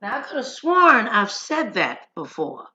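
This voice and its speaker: A woman hosts a livestream and talks straight to her viewers in a relaxed, chatty way. She speaks slowly and unhurriedly. Her voice is bright and forceful. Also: a little high. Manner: chatty, addresses viewers directly. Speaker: livestream host. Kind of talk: casual livestream chat. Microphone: streaming setup.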